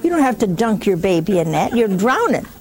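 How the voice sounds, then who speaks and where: An older woman hosting a religious call-in show, preaching emphatically, mocking at times and dropping to a hush. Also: mid-range voice, sing-song, fairly quick, crowd noise. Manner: emphatic, scolding, mocking then hushed.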